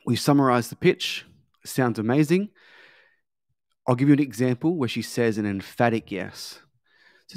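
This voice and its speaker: A man's voice: mid-range voice, moderate pace, long pauses. A male sales trainer talks in a loose, conversational way, dropping in plenty of filler words. His voice sits in an ordinary middle range. The recording is dry, with no echo. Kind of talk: sales training with role-play.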